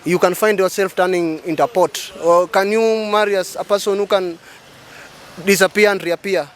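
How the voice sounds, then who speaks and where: Man, street interview, outdoors, hesitant, filler-heavy, somewhat high voice. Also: steady tone, moderate pace. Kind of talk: street vox pop.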